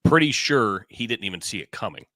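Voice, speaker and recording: A man co-hosting a podcast in casual talk, blunt and quick to swear. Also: lowish voice, animated, pushed and bright, dry recording. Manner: blunt, agreeing, swears freely. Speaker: podcast co-host. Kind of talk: casual opinion chat.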